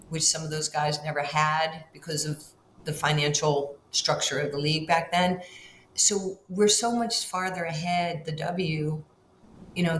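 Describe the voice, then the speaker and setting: An older woman tells stories in an interview, her voice sitting fairly low. She acts out quoted lines with big swings in pitch. The sound carries an echoey room with faint ambient hiss. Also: a bit bright. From Far Rockaway, Queens, New York. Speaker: guest, basketball Hall of Famer. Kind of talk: storytelling in a podcast interview.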